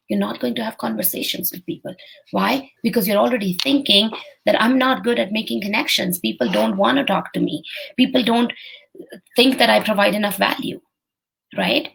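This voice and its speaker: A woman's voice: mid-range voice, vocal fry, husky, low-quality recording. A woman hosting a motivational live stream, speaking directly and encouragingly to her viewers as a coach. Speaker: host and coach.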